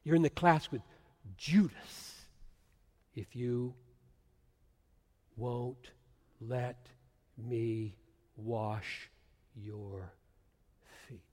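A man preaching an expository sermon, swinging from hushed whispers to loud emphatic bursts. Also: mid-range voice, very slow, long pauses. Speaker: pastor. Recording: long hall reverb.

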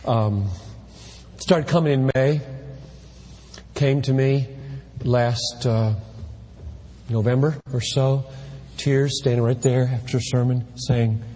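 A man preaching a sermon from the pulpit with impassioned delivery, at times rising to shouts. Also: medium pitch, steady tone, slow, long pauses, in a large hall. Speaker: pastor. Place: church sanctuary.

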